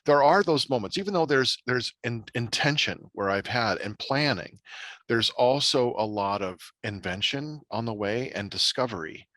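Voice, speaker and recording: A middle-aged man hosting a casual podcast chat, talking animatedly and rambling with plenty of restarts and fillers. His voice is bright and sits at an ordinary pitch. The sound is dry and close. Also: expressive, normal speed, dry recording. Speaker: podcast host and writer.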